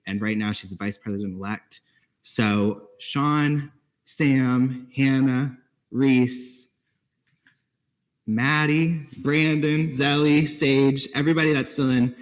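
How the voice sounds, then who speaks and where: A young man, a student senator, giving casual, lightly amused shout-outs at a meeting. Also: medium pitch. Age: young adult.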